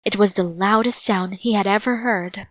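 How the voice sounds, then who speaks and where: A woman reading a children's chapter book aloud as narrator, in a slow, deliberate storytelling manner. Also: medium pitch, fairly even intonation, a bit bright, no room sound, dull audio. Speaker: storybook reader.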